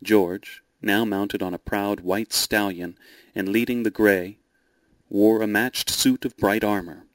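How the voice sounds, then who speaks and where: A man narrating a story in a steady, measured reading voice. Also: lowish voice, no echo.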